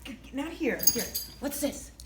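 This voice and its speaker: A woman helping off camera at home, speaking quietly and teasing the dog with short remarks. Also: high voice, animated, a little slow, slight background noise. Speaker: vlogger's mother helping off camera. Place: at home, indoors.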